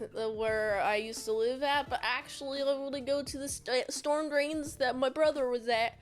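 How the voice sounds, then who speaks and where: A woman's voice: high voice, steady tone, moderate pace, hardly any pauses, soft background music. A woman reviewing a movie in a casual, rambling, jokey recap with self-deprecating asides.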